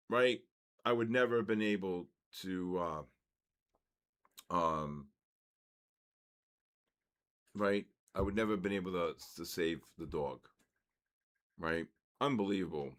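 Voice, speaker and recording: A man in his sixties hosting a live trading session, telling stories in a casual, animated way and tagging his sentences with quick checks to the audience. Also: low-pitched. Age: 60s. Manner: animated, keeps tagging 'right?' and 'okay?'. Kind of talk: casual livestream storytelling.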